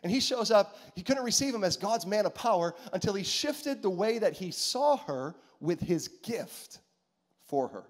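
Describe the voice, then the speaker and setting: A man preaching a sermon, animated and repetitive, calling out to the congregation. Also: sits high, normal speed. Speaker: pastor.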